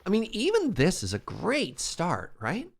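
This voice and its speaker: A man's voice: high-pitched, huge pitch swings, measured pace, creaky. A man casually commenting as he streams a building game, chatty and playful, talking to his chat.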